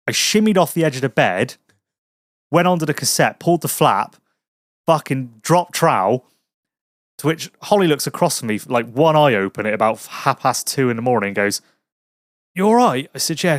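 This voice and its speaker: A man's voice: medium pitch, animated, moderate pace, no room sound, clean studio sound. A man telling a crude anecdote on a podcast, swearing a lot and laughing at his own story in casual chat. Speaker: podcast host.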